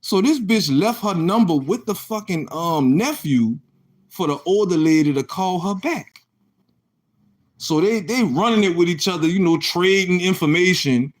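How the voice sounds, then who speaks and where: A man's voice: high voice, moderate pace. A young adult man telling a casual, profanity-laced story about his own life, acting out the exchanges he describes. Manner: profane, animated, acts out quoted exchanges.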